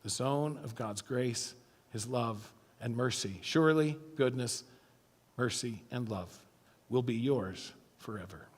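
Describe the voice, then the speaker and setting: A male pastor delivering a sermon, telling a scripture story with emphatic stretches that fall to a hushed tone. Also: mid-range voice, slow pace, breathy edge. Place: church sanctuary. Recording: church hall reverb.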